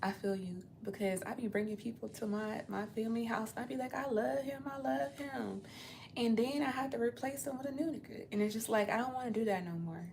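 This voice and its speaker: A woman's voice: fairly high pitch, fast talker, hardly any pauses, a little mellow, a little hiss or hum. A young woman chatting on a casual livestream from her apartment, rambling and laid-back, sounding tired. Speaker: livestream host.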